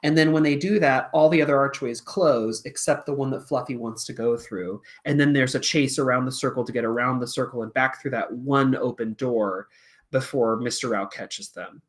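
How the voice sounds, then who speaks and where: Low-voiced woman teacher explaining a lesson. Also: normal speed. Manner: chatty, with many fillers, and an animated voice. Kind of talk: explaining a classroom puppet lesson.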